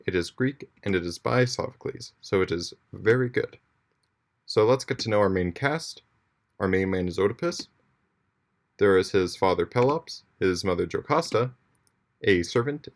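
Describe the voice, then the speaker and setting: Student presenter, man, low-pitched, jokey slangy retelling of a classic play. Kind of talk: school presentation.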